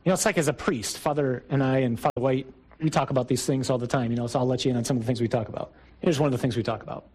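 A man's voice: mid-range voice, steady tone, racing, darkish tone, slightly rough, rough recording. A middle-aged man, a priest, giving a conversational, emphatic talk to a group of men. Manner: conversational and emphatic, with rising bursts. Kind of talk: sermon talk to a men's group.

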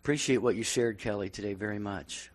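A man's voice: fairly low pitch, fairly quick, crowd noise. A man co-hosting a call-in radio show, speaking earnestly and thoughtfully. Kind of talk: talk radio chat.

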